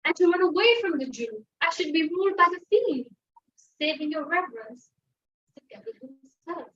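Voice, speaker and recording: A woman's voice: very high-pitched, expressive, moderate pace. Teen girl dramatically reciting Shakespeare, echoey. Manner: dramatic, switches between loud and hushed voices. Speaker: student monologue performer. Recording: echoey, dull lo-fi, far from the mic.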